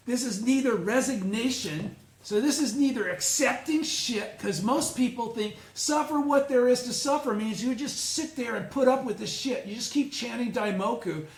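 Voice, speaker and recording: Man, study group leader, explaining and questioning, high-pitched, roomy sound. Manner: explains a text, checks in with listeners; blunt, swears casually. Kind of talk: informal religious study talk. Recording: roomy echo.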